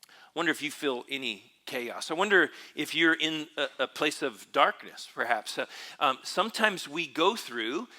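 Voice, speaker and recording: Reflective male pastor, bright voice. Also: fairly high pitch, lively intonation, moderate pace. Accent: Texan. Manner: reflective, searching, with frequent fillers and restarts. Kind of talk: sermon. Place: church.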